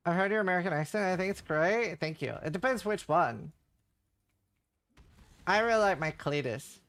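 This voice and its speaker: Man, slightly high voice, rambling casual streamer chatter. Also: lively intonation, moderate pace, long pauses, a bit bright. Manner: chatty, rambling, heavy use of "like". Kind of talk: casual livestream chat while gaming.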